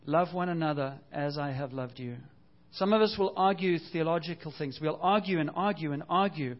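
A man's voice: on the high side, normal speed, dull audio. A man preaching a sermon as pastor, earnest and conversational, asking the congregation rhetorical questions.

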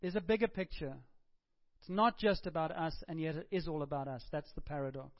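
A man preaching a sermon, dropping to a hush and then rising to emphatic, acted-out quotes. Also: a little high, fairly even intonation, fairly quick, no room sound. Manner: swings between hushed and emphatic, acts out quotes. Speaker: pastor. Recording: muffled dull recording.

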